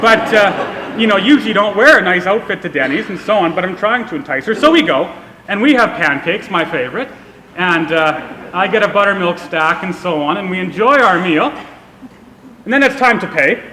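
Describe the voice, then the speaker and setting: A man's voice: high voice, expressive, normal speed, pushed and bright, a little hiss or hum. A young man from Canada giving a public speech, telling a humorous, self-deprecating story. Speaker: speaker. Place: event hall. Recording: echoey hall with long reverb.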